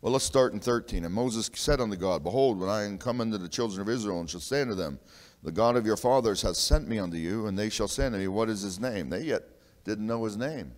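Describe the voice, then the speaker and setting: Low-voiced preacher in a reverberant church. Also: male voice, fast talker. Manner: emphatic preaching, swinging between loud and hushed; calls out to the congregation for an amen. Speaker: pastor. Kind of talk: sermon. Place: church sanctuary. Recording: long reverb of a church hall.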